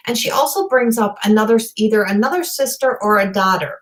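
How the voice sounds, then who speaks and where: A woman giving a live online psychic reading. She talks in a halting, rambling way, full of fillers and restarts, and passes on messages in a direct, earnest manner. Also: on the high side. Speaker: psychic medium. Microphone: video call or webcam.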